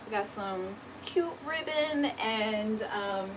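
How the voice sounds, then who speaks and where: A woman's voice: mid-range voice, lively intonation, takes it slowly. A woman hosting a casual craft livestream from home, a little out of breath, chatty and greeting viewers by name. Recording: distant mic with clear background noise. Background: dog barking.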